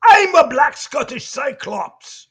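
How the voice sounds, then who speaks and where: A man's voice: very high-pitched, big pitch swings, takes it slowly, fairly bright tone, pitched above the performer's own voice, full character voice. A man doing a slurring drunk Scottish bomber. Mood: boozy. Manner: slurred, boozy rambling.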